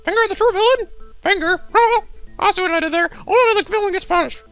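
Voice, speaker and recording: A mischievous male robot bear headmaster, chirps in a very high, piercing voice. He teases in a cheery sing-song, bright and sharp in tone, with faint game music underneath. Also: brisk, dry recording. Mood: teasing, gleeful. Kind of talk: video game voice-over reading.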